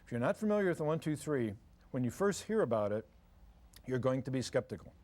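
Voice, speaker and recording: Speaking quickly with a mid-range, slightly mellow voice, this older parenting lecturer is very animated. He jokes folksily through a live seminar, playing out the roles of parents and children for the crowd.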